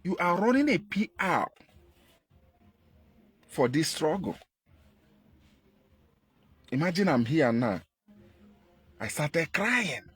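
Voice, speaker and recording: A man with a Nigerian Igbo accent delivering an impassioned political monologue, repeating his points and jumping in pitch for emphasis. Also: sing-song, takes it slowly, long pauses, breathy edge, no room sound. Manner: emphatic, repetitive, pitch leaps when stressing. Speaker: activist commentator.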